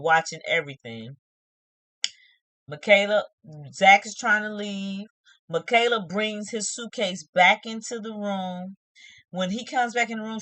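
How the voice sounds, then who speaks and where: Her voice medium in pitch, pushed and bright, a woman casually goes over a reality show, scolding those involved and retelling scenes with acted quotes. The recording is dry, and her tone is emphatic.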